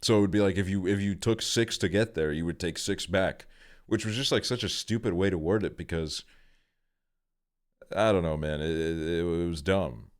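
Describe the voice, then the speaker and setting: A man's voice: low-pitched, normal speed, smooth. A young man streaming, telling a rambling story in a laid-back way and swearing often.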